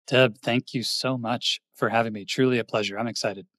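A man's voice: mid-range voice, fairly even intonation, normal speed, fairly bright tone, dry recording. Earnest man telling his story, dry mic. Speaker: career coach guest. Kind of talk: interview storytelling.

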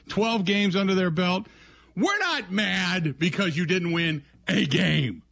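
A man's voice: high voice, slow pace, creaky, fairly bright tone, no room sound. A man from the hosting a sports radio show, ranting in a mocking, exasperated way and acting out silly scenes. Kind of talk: ranting sports talk with comic bits.

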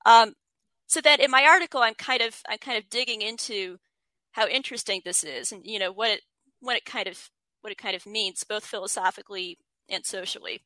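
Bright-voiced woman explaining earnestly. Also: mid-range voice, fairly quick, dry recording, poor audio. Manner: earnest, frequent restarts, reads quotes aloud. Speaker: writer, interview guest. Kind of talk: thoughtful conversational explanation.

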